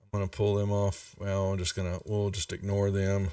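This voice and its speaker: A man's voice: sits low, completely flat delivery, normal speed, dark tone, smooth. A man narrating as game master in a laid-back, rambling way with many fillers. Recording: distant mic, faint music behind.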